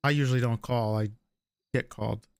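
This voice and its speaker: A man's voice: mid-range voice, steady tone, brisk, creaky, dry recording, studio quality. A man playing a police officer in an in-character roleplay argument, defensive and stammering.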